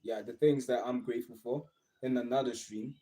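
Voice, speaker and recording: Brief: young male streamer, encouraging and repetitive, mid-pitched, casual motivational talk. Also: steady tone, fairly quick, warm tone, rough recording. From South Africa. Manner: earnest, encouraging, repetitive phrasing. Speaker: livestream host.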